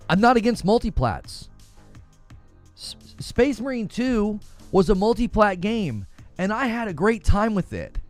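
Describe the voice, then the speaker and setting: A man hosting a gaming news livestream, arguing his points with emphatic, preacher-like passion and reading viewer comments aloud. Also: on the high side. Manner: fiery, preacher-like emphatic delivery.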